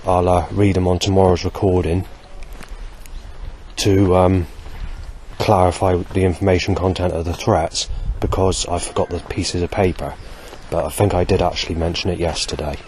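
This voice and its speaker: A man vlogging a spoken diary outdoors, halting and correcting himself as he goes. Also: low voice, level tone, darkish tone, a little hiss or hum. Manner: halting, with many restarts and self-corrections. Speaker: vlogger recording a daily log.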